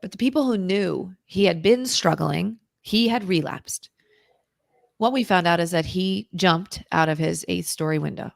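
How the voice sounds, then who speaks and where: A woman, a guest on an interview show, telling an intense personal story in a vivid, dramatic way, at times dropping to a hushed whisper. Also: fairly low pitch, unhurried, gravelly, no room sound, studio quality. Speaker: interview guest, recovery author.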